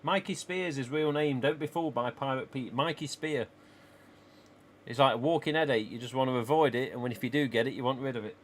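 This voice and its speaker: A man's voice: mid-range voice, a little fast. A man with an English East Midlands accent, live streaming from a small home office and chatting casually with viewers in a rambling way, laughing often.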